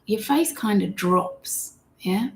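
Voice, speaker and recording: A woman guides viewers through a live meditation lesson, chatting gently and reading out their comments as they come in. Her voice sits mid-pitch with a slightly gravelly, fry-tinged texture. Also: animated, slow. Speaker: meditation teacher.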